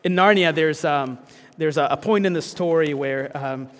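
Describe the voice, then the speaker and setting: A man's voice: fairly high pitch, moderate pace, in a large hall. A man preaching a sermon in an earnest way, with frequent restarts and fillers. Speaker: pastor.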